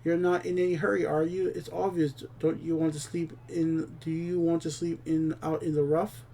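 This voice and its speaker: A man's voice: on the high side, flat delivery, normal speed, creaky, mellow, far from the mic, a little hiss or hum. A man voicing a tiny, friendly, impatient green male sprite with a chirpy voice, reading it aloud in a game. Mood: chatty.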